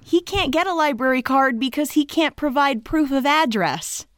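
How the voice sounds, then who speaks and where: A woman co-hosting a podcast, recapping a movie in casual, enthusiastic, expressive chat. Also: sits high, normal speed, no echo. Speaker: podcast co-host.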